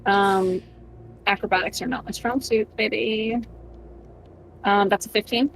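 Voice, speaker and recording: A young woman playing a tabletop game, rambling with many fillers and dropping into soft, calm in-character lines. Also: mid-range voice, unhurried, vocal fry, slight background noise, poor audio. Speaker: player.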